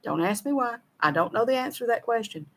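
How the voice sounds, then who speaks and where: A woman's voice: a little high, animated, quick pace, fairly bright tone. A middle-aged woman with a Southern American accent, chatting casually as a show co-host, folksy, laughing often and running her words together. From Southern United States. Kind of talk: casual chat reading viewer comments.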